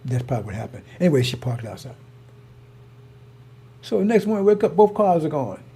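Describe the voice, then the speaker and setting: Gravelly man ranting in heated monologue. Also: fairly high pitch, very animated, a little fast, warm tone. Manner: heated, repetitive, emphatic storytelling. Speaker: online preacher. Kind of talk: rambling personal monologue.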